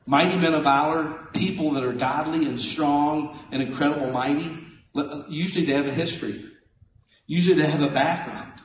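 A middle-aged man preaching a sermon as a pastor, animated and folksy, swinging between loud and soft. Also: fairly high pitch, moderate pace, a little hiss or hum. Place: church sanctuary. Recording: echoey church hall from a distance.

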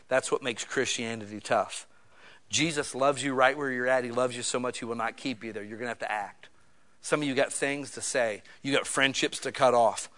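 A male pastor preaching a sermon in a church, joking and casual, swinging from quiet asides to loud bursts. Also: medium pitch.

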